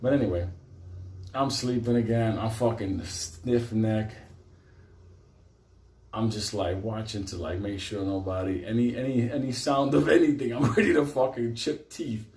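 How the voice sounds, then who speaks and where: A man telling a comic story in a profane, animated way, swinging between loud bursts and quiet asides. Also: fairly low pitch, measured pace, slight background noise. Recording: echoey room.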